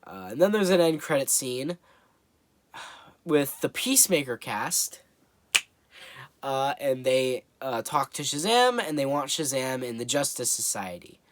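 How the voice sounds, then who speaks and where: A man's voice: medium pitch, very animated, a little slow, no room sound. A man giving a casual spoken movie review, rambling and hesitant with lots of fillers.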